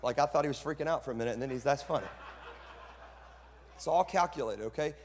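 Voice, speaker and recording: Racing along in a medium-pitched voice, a man preaches at a pastors' conference, mixing jokes with sudden surges of preacher fire in a lively style. There's hall reverb and slight background noise.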